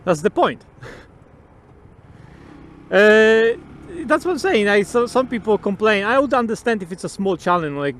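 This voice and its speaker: A man with a fairly high voice talks to the camera from a motorbike outdoors. He rambles through his opinions in a loose, casual way. He swears freely and laughs often as he goes. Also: lively intonation, a little slow, pauses often, a bit bright, a little hiss or hum. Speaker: motovlogger.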